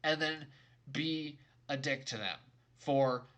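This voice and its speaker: A man's voice: on the high side, slow pace, fairly bright tone. A young adult man giving an exasperated, sarcastic, emphatic rant in a video game review.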